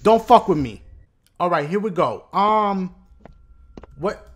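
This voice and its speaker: A man reacts loudly to a horror game, cursing and yelling whenever something startles him. His voice sits high and swings widely in pitch. A clear hum of noise runs under the recording. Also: slow. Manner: loud, excitable, profane, jumps to shouts when scared. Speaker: gaming video host. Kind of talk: horror game let's play commentary.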